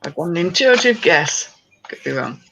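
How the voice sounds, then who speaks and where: A woman's voice: on the low side, very animated, moderate pace, gravelly, a bit bright, a little hiss or hum, low-quality recording. A woman playing along in a party quiz, dry and teasing, laughing easily. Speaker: quiz player. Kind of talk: casual chat.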